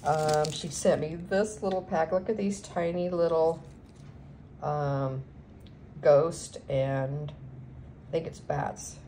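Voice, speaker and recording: A woman's voice: deep voice, steady tone, slow pace, long pauses, dark tone. A woman chatting casually as she unboxes craft supplies at home, gushing and filling gaps with lots of ums. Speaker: craft vlogger. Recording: noisy home recording.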